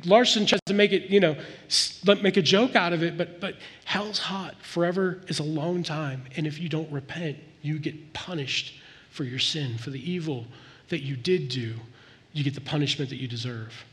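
A man preaches a sermon in an earnest, conversational way, now and then sinking to a soft, intense tone. His voice sits fairly high. The sound carries a long reverb, as in a large church hall. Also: normal speed. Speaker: pastor.

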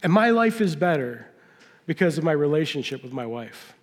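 A man's voice: a little high, very animated, normal speed. A middle-aged man preaching a sermon, telling folksy personal stories and asking the audience questions. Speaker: pastor. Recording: long hall reverb.

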